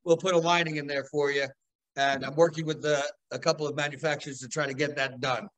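Bright chatty male host. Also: on the high side, flat delivery, quick pace, dry recording, rough recording. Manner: chatty, upbeat, laughs along. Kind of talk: casual show chat.

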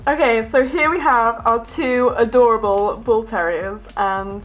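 A woman hosting a casual unboxing vlog, gushing and excitable with frequent gasps over her new toys. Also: fairly high pitch, unhurried, few pauses, dull audio, faint music behind. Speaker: toy collector vlogger.

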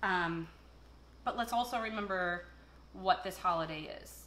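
Working in an echoey kitchen with clattering dishes and a little hiss or hum, a woman hosts a casual cooking video. Her voice sits on the low side with a fairly bright tone and a measured pace, and she chats through rambling stories full of fillers.

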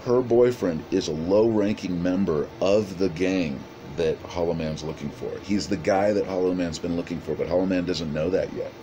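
A man casually pitching a movie idea in a rambling, profane monologue full of restarts. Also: normal speed, hardly any pauses, noisy background.

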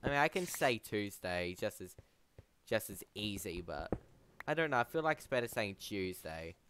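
A man's voice: fairly low pitch, lively intonation, normal speed, fairly bright tone, a little hiss or hum. A man streaming a game, chatting casually and rambling to his chat, calling them bro. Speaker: gaming streamer.

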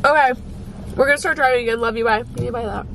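A woman's voice: fairly high pitch, rapid-fire, creaky, over music. A young woman with a stuffed-up nose, chatting bluntly in a casual vlog from inside her car and swearing often. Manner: blunt, swears a lot, irritated. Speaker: vlogger.

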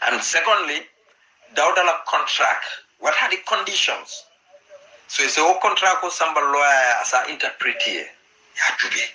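A man's voice: on the high side, animated, normal speed, sharp tone, low-quality recording. A Gambian man giving impassioned political commentary, repeating his points for emphasis. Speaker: political party activist.

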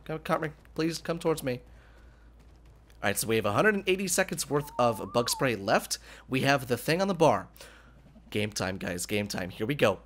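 A man narrating his own gameplay in a loose let's play style, with a voice that keeps cracking. His pitch swings widely as he reacts, and he swears casually and coaxes the creatures on screen. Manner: excitable, swears casually, talks to the animals. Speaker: gaming YouTuber.

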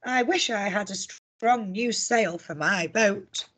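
A woman voicing an upset goat who lost his sail, in a storybook reading, high and wailing. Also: slow, a bit bright, breathy edge. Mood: distressed. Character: distressed goat sailor, bleating.

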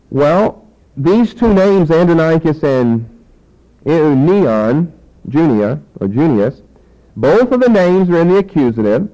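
A man's voice: medium pitch, dark tone, low-quality recording. A man teaching a Bible lesson, explaining points emphatically and spelling out words letter by letter.

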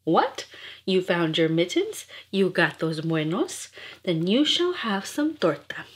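A woman's voice: on the low side, big pitch swings, takes it slowly, slightly rough, exaggerated voice. A woman voicing a mother cat in a storybook rhyme, talking to her kittens. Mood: pleased.

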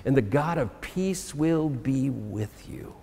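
A man's voice: medium pitch, lively intonation, slow pace, gravelly, warm tone, slightly rough. A man preaching a sermon as pastor, earnest and personal, reading scripture and telling his own story. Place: church sanctuary. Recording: long hall reverb.

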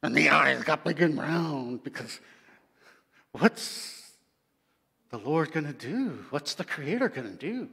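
A man's voice: a little high, very animated, slow, vocal fry, pauses often, pushed and bright. A male pastor telling an animal story during a sermon, acting out the creatures as he goes. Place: church sanctuary. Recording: long church-hall reverb.

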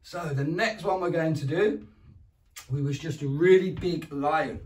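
A man with an English accent leading a home PE lesson for young children, encouraging them, counting down and often praising them. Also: moderate pace. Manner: makes animal noises, roars and squeaks. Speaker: primary school PE teacher. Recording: echoey room, mic far away.

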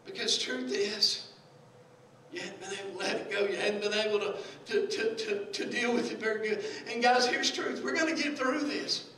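Southern man, pastor, sermon, high bright voice, shouting then hushed, echoey church hall from far off. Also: fairly even intonation, moderate pace, a little hiss or hum. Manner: swings from shouted preaching to soft hushed passages. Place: large church sanctuary.

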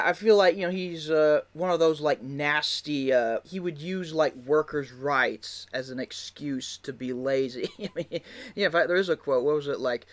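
A man giving casual, rambling video commentary, with many fillers and frequent laughs. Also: on the high side. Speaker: video creator.

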